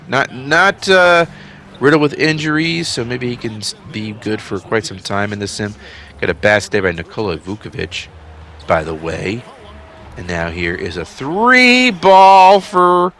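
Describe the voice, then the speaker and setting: A man's voice: fairly low pitch, gravelly, a bit bright, a little hiss or hum. A man casually commentating on a simulated basketball season, chatty and offhand, a little tired from a late night. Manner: chatty, offhand, enthusiastic asides. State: tired, yawning. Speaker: channel host narrating a simulated game season.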